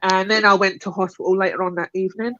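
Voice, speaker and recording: A woman's voice: medium pitch, fairly even intonation, fast, fairly bright tone. A young woman on a live panel, casually telling a long personal story, rambling and laughing often as she acts out other people's lines. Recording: dull, lo-fi call audio.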